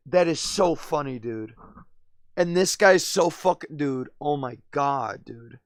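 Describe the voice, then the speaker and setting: A man's voice: fairly high pitch, slow pace, no echo. A man live streaming, telling a story in a rambling, slangy way, constantly saying "dude" and "man". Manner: laughs often, drifts loud then quiet.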